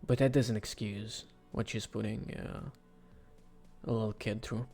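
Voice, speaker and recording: A man giving casual, rambling commentary for a video, with sudden excited outbursts. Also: lowish voice, a little slow, soft background music. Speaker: video creator. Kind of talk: casual commentary ranking game characters.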